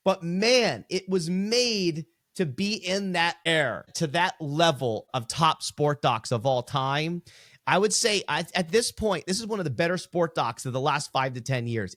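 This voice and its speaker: A man co-hosting a podcast in casual chat, blunt and profane, ranting with animated energy. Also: a little high, no echo, studio quality. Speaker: podcast co-host.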